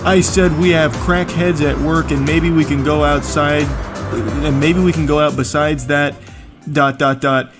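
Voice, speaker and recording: A man in his forties picks apart someone's text messages with sarcastic, exasperated commentary. His voice sits somewhat high for a man, with a mocking edge. Faint game music plays behind him. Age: 40s. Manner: mocking, exasperated, puts on shrill voices for quotes. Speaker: streamer reading text messages.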